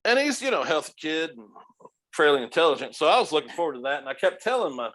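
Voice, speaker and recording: Animated, profane male storyteller. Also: fairly high pitch, quick pace. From United States. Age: middle-aged. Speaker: podcast guest, restaurant owner. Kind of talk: casual storytelling.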